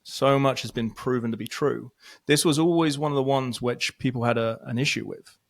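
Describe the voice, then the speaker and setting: A man hosting a podcast, asking relaxed, conversational questions. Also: mid-range voice, normal speed, vocal fry. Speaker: podcast host. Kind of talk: interview questions.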